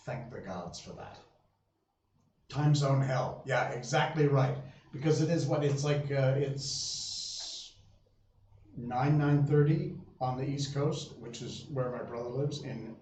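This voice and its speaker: A man's voice: medium pitch, a little mellow. A man hosting a live stream, chatting casually with viewers in a rambling way full of fillers and restarts. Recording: roomy sound, voice from a distance, faint hum.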